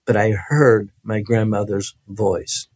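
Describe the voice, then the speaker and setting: A man's voice: fairly low pitch, steady tone, slow pace, a little mellow, breathy edge, dry recording. A man telling his personal faith testimony in conversation, earnest and vivid, with frequent restarts.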